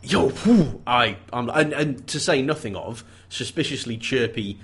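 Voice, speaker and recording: A man's voice: mid-range voice, normal speed, a bit bright, husky. A man co-hosting a casual book chat, wry and joking with playful sarcasm. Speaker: podcast co-host. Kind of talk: casual chat about a mystery novel.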